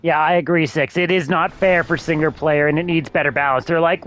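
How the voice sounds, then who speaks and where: A man's voice: a little high, steady tone, fairly quick, few pauses, a bit bright. A man streaming a video game, ranting in a profane, exasperated way and thanking his viewers. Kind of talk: casual game-stream rant.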